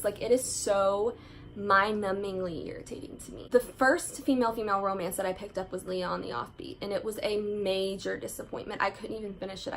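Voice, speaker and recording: A woman's voice: medium pitch, a bit bright, slight background noise, poor audio. A woman chatting eagerly as a book vlogger, full of "like" fillers. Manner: chatty and enthusiastic, many "like" fillers. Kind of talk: casual book haul chat.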